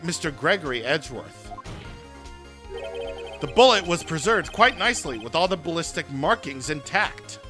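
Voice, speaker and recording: A streamer voicing a determined young male defense attorney in a video game, laying out evidence. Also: mid-range voice. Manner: steady courtroom argument, slow and deliberate. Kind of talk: reading game dialogue aloud.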